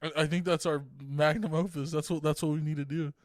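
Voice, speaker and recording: A man's voice: fairly high pitch, fairly even intonation, brisk, no echo, studio quality. A young man co-hosting a podcast, telling a story in casual, profane banter and laughing often. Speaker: podcast co-host. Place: podcast room with a couch.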